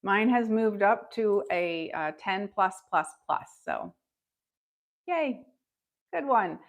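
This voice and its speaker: A woman's voice: mid-range voice, animated, takes it slowly. A woman leading a live tapping session, upbeat and encouraging, reading out viewers' scores and having them repeat phrases after her. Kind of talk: guided tap-along with live chat check-ins.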